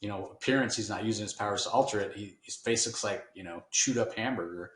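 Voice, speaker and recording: A man hosting a podcast, giving a rambling, relaxed recap of a comic book issue. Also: lowish voice, fast. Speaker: podcast host. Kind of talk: casual comic book discussion. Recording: roomy echo.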